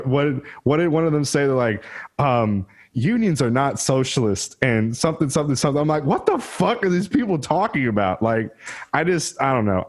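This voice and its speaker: A man with a Southern US accent hosting a podcast, talking in a rambling, profane, animated way about labor politics. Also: medium pitch. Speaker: podcast host. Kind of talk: casual political chat.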